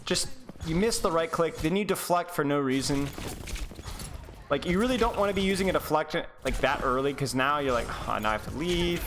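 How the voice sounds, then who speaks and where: A man's voice: on the high side, brisk, fairly bright tone, slight background noise. A young man coaching as he reviews a game, sarcastic and mocking, breaking into laughter. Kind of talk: live gameplay review coaching.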